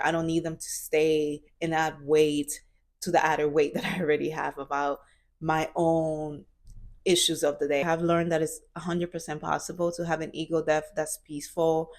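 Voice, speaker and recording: A woman in her twenties shares her thoughts in an earnest, searching way, often pausing on "like" and restarting her sentences. Her voice sits on the low side for a woman. She speaks as a personal vlogger talking straight to her viewers. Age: 20s. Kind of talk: reflective personal vlog.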